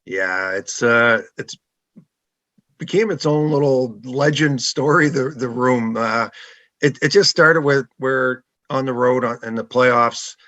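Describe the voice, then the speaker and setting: A man's voice: medium pitch, slow, sharp tone, no echo. Middle-aged man, easygoing storyteller, guest spot, muffled dry audio. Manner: laid-back anecdotal, laughs often. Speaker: guest, former hockey goalie. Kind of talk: casual podcast storytelling.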